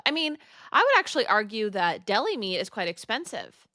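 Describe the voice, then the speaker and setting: A woman's voice: mid-range voice, big pitch swings, brisk, bright, forceful tone, dry recording. A young woman co-hosting a podcast in casual chat, wry and mock-outraged, close to the mic. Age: young adult. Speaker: podcast co-host.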